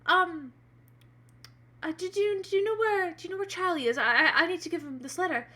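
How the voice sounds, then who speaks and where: A woman voicing an anxious young woman who stammers and rushes her words in a tabletop game. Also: extremely high pitch, sharp tone, pitched above the performer's own voice. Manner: breathless, stammering.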